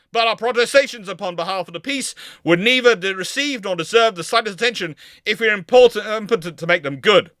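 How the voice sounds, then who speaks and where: A man's voice: sits high, bright, forceful tone, no room sound, pitched above the performer's own voice. A man reading out a historic speech in the grand, emphatic style of an early-1900s male statesman.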